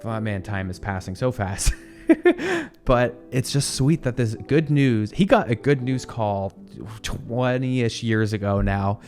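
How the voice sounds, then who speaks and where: A man's voice: mid-range voice, measured pace, few pauses, a little mellow, soft background music. A man in his twenties hosting a casual good-news show, chatting and reacting to video clips in an upbeat, rambling way with frequent laughs. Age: 20s.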